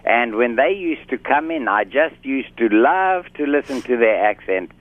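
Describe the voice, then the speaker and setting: A man's voice: medium pitch, animated, normal speed, dry recording. A man with a South African accent, a guest doctor in a radio interview, talking in a formal, chatty, self-assured way. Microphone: phone line. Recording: tinny phone line.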